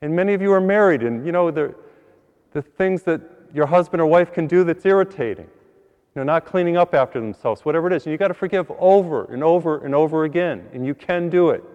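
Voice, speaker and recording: A priest giving an earnest sermon, repeating words and building to higher emphasis on key points. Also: male voice, expressive, quick pace, a little mellow, long reverb tail, muffled recording. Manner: earnest, repeats words, rises in pitch when stressing a point.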